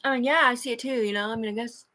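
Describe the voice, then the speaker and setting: A woman's voice: on the high side, fairly even intonation, very fast, bright, forceful tone. A woman talking to her livestream in a rambling, agitated, heavily profane rant.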